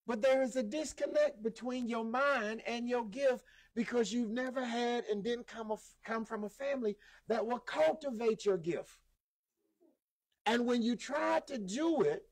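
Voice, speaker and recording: A man with a notably high voice preaches a sermon. He hammers points with repetition and pulls call-and-response answers from his listeners. The sound comes through a modest microphone. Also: a little slow. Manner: emphatic, repeats key lines, call-and-response with listeners. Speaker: preacher and lead instructor.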